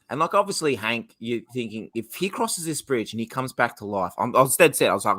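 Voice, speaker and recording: A young Australian man with an Australian accent, chatting casually on a podcast, rambling, excitable and swearing a lot. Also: medium pitch, fairly quick, hardly any pauses. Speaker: podcast co-host. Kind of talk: casual chat.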